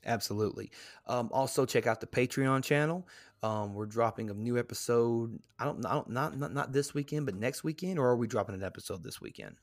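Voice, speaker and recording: A man's voice: mid-range voice, a little fast, no echo, studio quality. Rambling man co-hosting a podcast. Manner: loose, rambling, with many fillers and restarts. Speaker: podcast co-host. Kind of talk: casual podcast chat.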